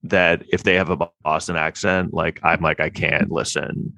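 A man's voice: sits low, flat delivery, normal speed, creaky, sharp tone, no room sound. A man in casual podcast chat, rambling and opinionated, with lots of fillers and restarts.

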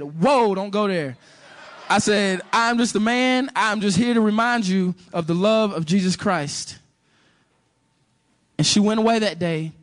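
A man preaching a sermon and telling a personal story, acting out the dialogue as he goes. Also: high-pitched. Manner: animated storytelling, acts out dialogue.

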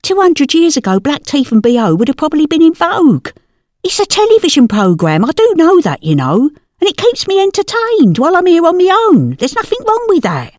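A woman's voice: high voice, huge pitch swings, brisk, darkish tone, no echo, clean studio sound. A woman playing a nosy, celebrity-obsessed older mum, talking in a brassy, defensive way in a scripted comedy sketch. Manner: brassy, defensive, casual slang. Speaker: comedy podcast character.

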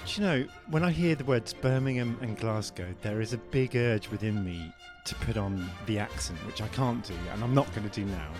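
A man's voice: lowish voice, brisk, hardly any pauses. A man co-hosting a music podcast, talking in a chatty, playful, self-deprecating way. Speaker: podcast co-host. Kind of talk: casual chat about classical music.

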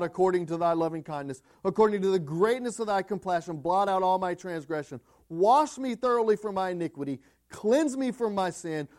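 Man, preacher, sermon, high-pitched, emphatic, loud peaks and quiet drops.

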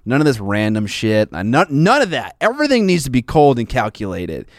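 A man's voice: medium pitch, wildly swooping pitch, a little fast, no echo, studio quality. A man co-hosting a podcast in casual chat, rambling and jokey, with lots of fillers. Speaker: podcast co-host.

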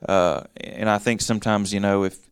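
A man with a low, resonant voice leads a casual Bible teaching. He reads a passage, then explains it in plain everyday words. The sound is dry and close, with almost no room around it. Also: fairly even intonation, normal speed, clear, resonant tone, no echo. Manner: conversational, reads verses then explains them in plain talk.

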